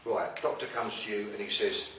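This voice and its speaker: A man's voice: lowish voice, steady tone, a little fast, slight background noise. A man giving a blunt, confrontational motivational talk to a group, challenging them with questions. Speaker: motivational speaker. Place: room with a group listening. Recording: echoey room, far from mic, dull lo-fi.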